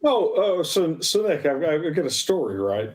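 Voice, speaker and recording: A man joining a casual chat over a video call, telling a story in a halting way and often repeating words as he starts. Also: a little high, very animated, darkish tone. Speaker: guest.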